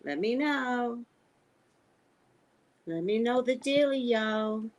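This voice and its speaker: An older woman hosting a casual live stream, chatting with viewers and greeting them by name in sudden high squeals. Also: expressive, extremely slow. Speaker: live-stream psychic host.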